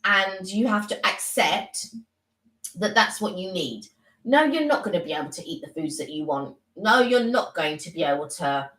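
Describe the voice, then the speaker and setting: A woman's voice: mid-range voice, a bit bright, echoey room, poor audio. A woman co-hosting a casual live stream, talking earnestly and rambling with many restarts.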